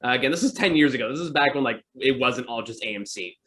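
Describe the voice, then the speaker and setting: A man's voice: medium pitch, fast talker, fairly bright tone, a little hiss or hum. Male podcast host, casual rambling storyteller, filler-heavy. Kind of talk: casual chat.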